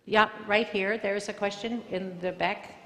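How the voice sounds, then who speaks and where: A woman storyteller and singer answering student questions at a school assembly in a chatty, expressive way. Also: medium pitch, a little slow. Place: school auditorium. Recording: long hall reverb, faint music.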